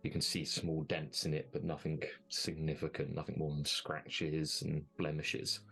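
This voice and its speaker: A man narrating a tabletop game as game master, measured and descriptive. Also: rumbling low, completely flat delivery, a bit bright.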